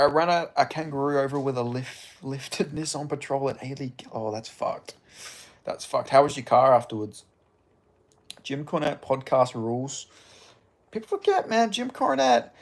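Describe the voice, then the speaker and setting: A young Australian man streaming, chatting casually with viewers in a sweary, rambling way. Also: mid-range voice. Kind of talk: casual live-stream chat.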